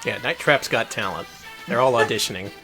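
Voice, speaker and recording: A man's voice: medium pitch, fairly quick, over loud music. A man co-hosting a retro game stream, making dry, joking asides. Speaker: stream co-host. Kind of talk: casual let's-play commentary.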